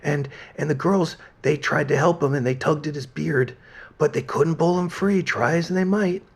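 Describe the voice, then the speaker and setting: A man in a game role reading a fairy tale aloud as a gentle bedtime story. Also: a little high, moderate pace, creaky, slightly rough. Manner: gentle storytelling, softening at the end.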